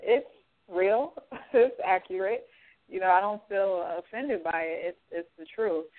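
Relaxed woman on talk radio, tinny. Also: lowish voice. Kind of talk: casual talk radio chat. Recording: tinny phone-like sound.

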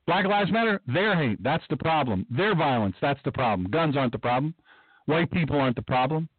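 A man's voice: fairly high pitch, lively intonation, fairly quick, breathy edge, no echo. A man hosting a talk radio monologue, emphatic and rambling, repeating himself as he goes. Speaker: podcast host. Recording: tinny phone-like dry sound.

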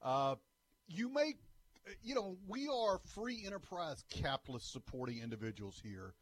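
A man's voice: fairly high pitch, normal speed. Radio guy with a bouncy up and down voice, cracking jokes about sports news. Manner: lively, jokey storyteller. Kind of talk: casual sports talk radio banter.

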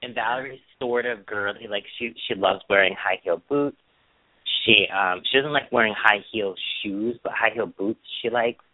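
A chatty man co-hosting a casual talk show, rambling through a story and putting on a squeaky mocking voice for quotes. His voice sits low and is heard over a thin, tinny phone line. The sound is dry and close. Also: normal speed, dry recording. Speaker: podcast co-host. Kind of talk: casual chat.

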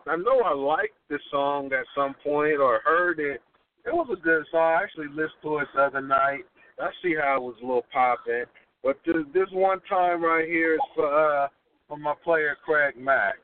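A man hosting a podcast, chatting casually with a profane, rambling, laid-back delivery over a tinny, phone-like line. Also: a little high. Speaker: podcast host. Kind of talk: casual chat.

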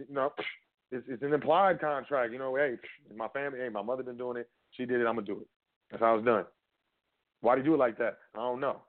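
A man's voice: medium pitch, steady tone, quick pace. A man giving a rambling, casual lecture, often asking and answering his own questions and talking straight to the listener. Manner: rambling, rhetorical, talks to the listener directly. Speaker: trust law educator. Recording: phone-like narrow audio.

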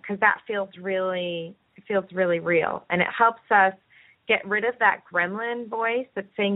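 A woman host speaks earnestly and encouragingly, stretching her thoughts into long explanations. Her voice sits at an ordinary middle pitch. It comes through thin and narrow, like a phone line. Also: steady tone, a little slow. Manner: earnest, encouraging, talks at length. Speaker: podcast host and coach. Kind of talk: conversational podcast discussion. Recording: tinny phone-line audio.

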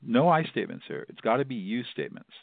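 A man's voice: mid-range voice, big pitch swings, quick pace, vocal fry, no room sound. A man, a mediator being interviewed, explaining his method emphatically and often repeating words as he stresses a point. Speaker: mediator guest. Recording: dry, tinny phone-like line.

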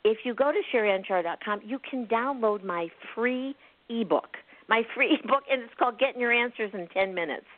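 Lively woman healer on a tinny line. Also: on the high side, a little fast, no room sound. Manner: lively, laughing, acts out quoted people. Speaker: healer being interviewed. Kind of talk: animated storytelling interview. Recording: phone-like narrow sound.

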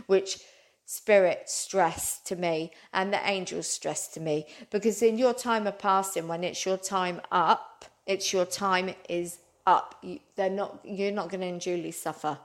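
Earnest woman medium telling a story. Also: lowish voice. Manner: earnest, rambling, addresses listeners as guys. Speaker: psychic medium. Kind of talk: animated storytelling.

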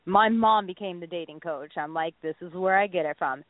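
A woman in her thirties, a dating coach, telling a story in casual radio chat, animated and full of "like". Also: lowish voice, fairly quick, few pauses, no room sound. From Texas. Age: 30s. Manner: animated, acts out quotes, lots of "like". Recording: tinny phone-line sound, dry.

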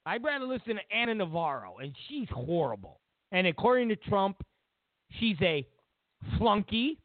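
A man's voice: high-pitched, no echo. Male talk radio host, mocking rants, dry and phone-thin sound. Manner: ranting, mocking, repetitive. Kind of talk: talk radio political commentary. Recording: tinny phone line, dry.

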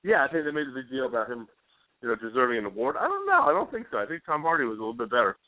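Rapid-fire and sing-song, a medium-pitched man co-hosts a radio show. His casual talk meanders, hesitant and stuffed with fillers. The sound is tinny, like a phone, with no room sound.

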